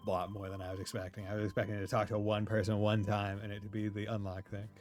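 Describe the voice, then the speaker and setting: A man's voice: on the low side, completely flat delivery, fast, hardly any pauses, a little mellow, soft background music. A man casually commenting on a game during a live stream, laughing and playful.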